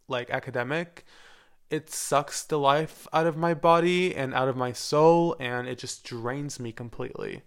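A man's voice: medium pitch, clean tone. A man in his twenties talking casually on his own podcast, rambling and candid, with lots of fillers and the odd swear word. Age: 20s. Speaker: podcast host; university music student. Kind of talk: casual solo podcast chat.

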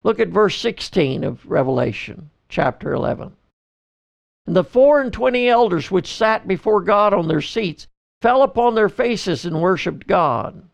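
A man, a pastor and podcast host, teaching through a Bible book verse by verse, reading scripture in slow measured phrases. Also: high voice, expressive, gravelly.

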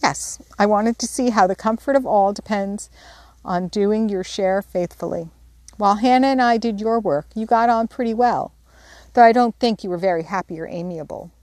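A woman reading a wise, gentle mother of four girls, calm and earnest as she gives advice. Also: medium pitch, dry recording, natural voice.

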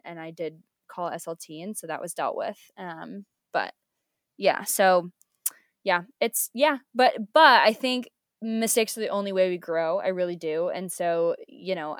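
A woman's voice: lowish voice, normal speed, dry recording. Woman, young adult, American accent, teacher, casual chat, fillers and restarts, dry close sound. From United States. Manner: chatty, many fillers and restarts. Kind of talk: casual conversation.

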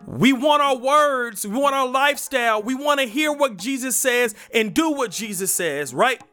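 A man's voice: very high voice, animated, normal speed, pushed and bright, soft background music. A man preaching a sermon with an emphatic, repetitive rallying cadence.

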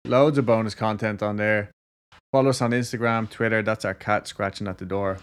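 A man hosting a podcast in a relaxed, casual way, swearing freely and using lots of fillers. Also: on the low side, a little fast, clear, resonant tone. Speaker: podcast host.

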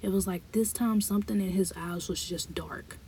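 A woman's voice: mid-range voice, fairly even intonation, moderate pace, warm tone, slight background noise. A woman hosting a podcast, telling a personal story and acting out the dialogue while speaking to listeners directly. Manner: reenacts dialogue, talks to listeners as y'all. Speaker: podcast host.

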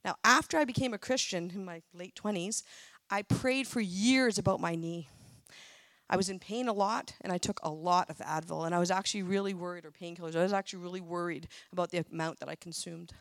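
A woman's voice: fairly low pitch, fairly quick, fairly bright tone, no room sound. A middle-aged woman sharing a personal testimony at church, earnest and emotional. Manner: earnest, emotional, tearful at times. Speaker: church speaker.

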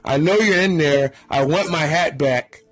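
Storybook role: a man playing a cocky, excitable teen boy, raised pitch, loud and husky. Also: unhurried, faint music behind, exaggerated voice. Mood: teasing.

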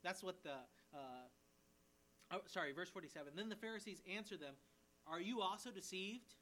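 A man as a pastor, teaching a sermon verse by verse with lively emphasis and paraphrased quotes. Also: high voice, a little fast, a little hiss or hum.

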